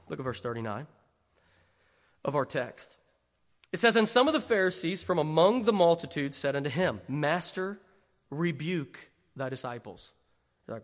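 A man's voice: fairly high pitch, lively intonation, normal speed, long reverb tail. A man preaching a sermon as pastor, telling a humorous story with laughs and calling out to the congregation for an amen. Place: church sanctuary.

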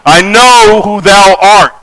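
A man voicing a defiant male unclean spirit with loud, drawn-out, strained cries, acted out in a sermon. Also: sits high, a crowd in the background, poor audio. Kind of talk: acting out scripture in a sermon.

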